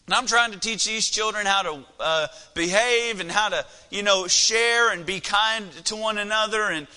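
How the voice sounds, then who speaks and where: A man's voice: high voice, normal speed, pushed and bright, smooth. A man preaching a sermon in a church, telling a family story in a conversational way with fillers. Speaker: pastor. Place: church sanctuary. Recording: long reverb of a large hall.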